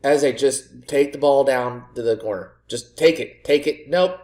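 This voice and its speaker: A man's voice: medium pitch, unhurried, darkish tone. Sarcastic man commentating a game. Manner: sarcastic, exasperated self-mocking rants. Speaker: gaming video creator. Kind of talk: let's play commentary.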